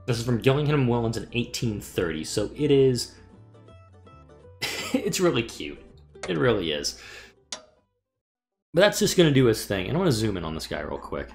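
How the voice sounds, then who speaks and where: Gaming host, male, casual play-by-play, thinks out loud, mumbles, swears now and then, pitch swings a lot. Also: very animated, normal speed, pauses often, faint music behind. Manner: thinks aloud, muttering to himself while planning. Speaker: let's play gamer. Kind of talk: casual gameplay commentary.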